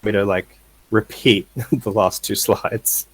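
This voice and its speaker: Slow, low-voiced man teaching online. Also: fairly even intonation, husky, no room sound, low-quality recording. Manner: halting, with fillers and short laughs. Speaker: language teacher. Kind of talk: casual online lesson.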